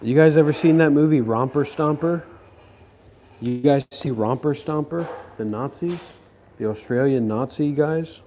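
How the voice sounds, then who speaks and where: A man's voice: a little high, a little slow, mellow, a little hiss or hum. A man vlogging while he walks through city streets and a station, ranting in a profane, sarcastic, grumbling way. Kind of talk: casual rant while walking.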